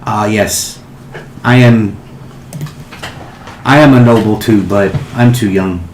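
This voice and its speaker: A man's voice: fairly low pitch, slow, darkish tone. A man voicing a chatty nine-year-old noble boy who talks eagerly and stumbles over his words. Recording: echoey room, faint hiss.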